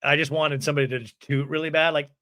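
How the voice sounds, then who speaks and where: A man hosting a podcast, telling an animated, gossipy comedic recap of a reality TV episode. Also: on the high side, fast talker. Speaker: podcast host.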